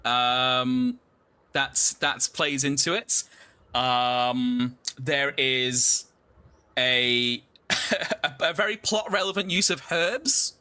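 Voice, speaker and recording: A man's voice: mid-range voice, sing-song, extremely slow, bright, forceful tone. A man chatting casually on a livestream as the show's creator, hesitant, with lots of fillers and giggles. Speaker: show creator and game master.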